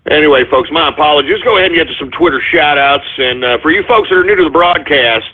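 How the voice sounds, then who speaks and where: A middle-aged man hosting his own call-in radio show, ranting loudly and emphatically, swearing and hurling insults. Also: on the high side, fast, husky. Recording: tinny phone-line quality.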